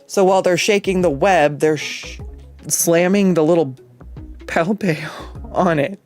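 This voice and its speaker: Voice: medium pitch, unhurried, darkish tone, faint music behind. An artist telling a rambling, profane story in a casual chat while drawing, laughing often along the way. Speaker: artist and streamer.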